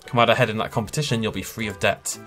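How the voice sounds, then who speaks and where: A man's voice: fairly low pitch, steady tone, rapid-fire, fairly bright tone, faint music behind, close to an everyday voice. A man reading as an anxious cursed bird mentor. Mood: fretful. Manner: fretful, earnest.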